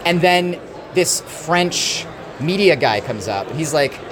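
Short on sleep and losing his voice, a man showing his game in a busy convention hall tells a rambling, filler-heavy story during a floor interview. His voice is on the high side, expressive and slow, with loud crowd chatter behind him.

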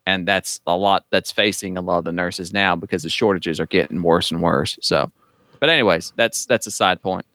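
Bright-voiced Southern man, dry jokes. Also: sits low, moderate pace, no echo. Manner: dry joking. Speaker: podcast co-host. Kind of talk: casual chat.

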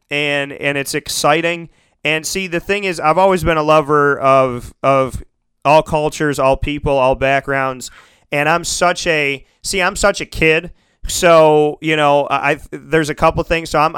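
A man with a bright, crisp voice tells a family story on air, rambling and animated, doubling back on himself mid-sentence. His voice sits a touch high for a man, and the sound is dry and close. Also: measured pace, no echo. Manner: animated, rambling, lots of restarts and fillers.

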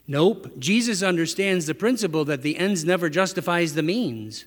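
A man's voice: on the high side, lively intonation, moderate pace, hardly any pauses. A man preaching a sermon in a conversational way, asking his listeners rhetorical questions. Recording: echoey hall reverb.

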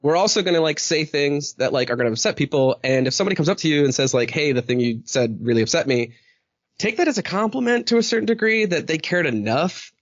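A man's voice: on the high side, expressive, fast talker. Rambling man on a podcast, lo-fi. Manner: rambling, many fillers and restarts; acts out quoted dialogue. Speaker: podcast host. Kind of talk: casual podcast chat.

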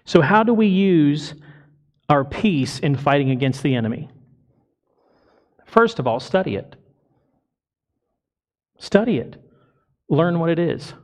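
A man's voice: a little high, animated, a little slow, long pauses. A male pastor delivering a sermon to his congregation, emphatic and full of rhetorical questions. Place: church congregation.

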